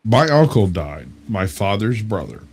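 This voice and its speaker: Man, young adult, low voice, casual storytelling, animated, laughs a lot. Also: a little slow, breathy edge. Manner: animated, laughs often, acts out quoted voices. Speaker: debate show guest.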